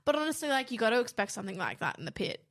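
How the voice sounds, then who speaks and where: A young woman chatting on a podcast with real enthusiasm. Her voice is bright and forceful, pitched somewhat high, and she fires back quick agreements. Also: big pitch swings. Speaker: podcast co-host. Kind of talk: casual chat.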